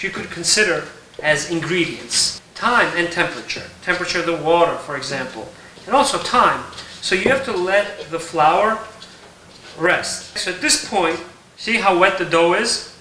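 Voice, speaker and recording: A man teaching a recipe in his kitchen, explaining each step in a relaxed way and checking in with "okay?". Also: high-pitched, echoey room, far from the mic, slight background noise, low-quality recording. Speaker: home baker teaching a recipe. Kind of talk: casual cooking tutorial. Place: home kitchen.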